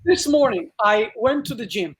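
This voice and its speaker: Lively Israeli man telling a story. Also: very high-pitched, moderate pace. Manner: lively storyteller acting out quoted dialogue. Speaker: guest magician. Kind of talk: casual podcast storytelling.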